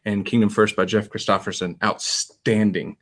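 A man's voice: fairly low pitch, little pitch movement, a bit bright. A man co-hosting a podcast, chatting casually and laughing easily. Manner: quick to laugh. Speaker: podcast co-host. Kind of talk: casual chat.

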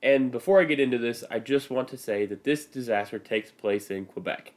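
A man's voice: medium pitch, brisk. A man with a Midwestern American accent, hosting a history podcast and narrating from a script in a casual, self-deprecating way. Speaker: podcast host.

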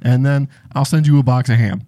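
A man voicing a pushy, overfriendly male sales rep who talks loudly and fast. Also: mid-range voice, natural voice. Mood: pushy, chummy. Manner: loud, fast, chummy, keeps pushing deals.

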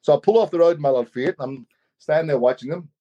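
A man with a slightly higher voice recounts a personal journey in an animated, chatty way. He keeps saying "you know" and slips into other people's voices as he tells it. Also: fast, highs cut off. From Australia. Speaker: storyteller. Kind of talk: personal storytelling.

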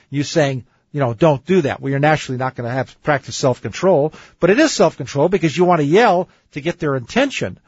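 A man's voice: fairly high pitch, breathy edge, no echo, dull audio. A man hosting a dating advice radio show, reading book passages aloud and arguing against them in an opinionated way. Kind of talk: radio talk show commentary.

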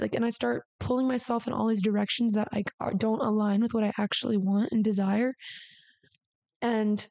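A woman's voice: mid-range voice, steady tone, brisk, vocal fry, dark tone, no room sound. A woman hosting a podcast, talking candidly in a rambling, confessional way, full of "like" and casual swearing. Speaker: podcast host. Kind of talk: candid personal monologue.

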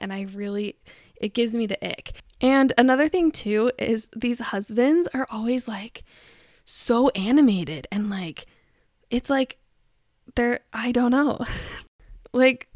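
A woman's voice: a little high, dry recording, clean studio sound. A young woman vlogging in casual chat, ranting with lots of filler "likes" and acting out quoted voices.

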